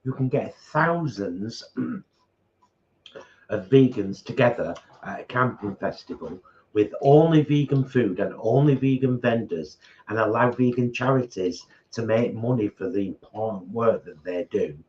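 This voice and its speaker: A man's voice: mid-range voice, lively intonation, a little slow, darkish tone. Blunt, outspoken man. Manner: blunt, outspoken, mocking impressions of critics. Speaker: co-host. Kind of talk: casual mukbang chat. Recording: slightly dull home recording.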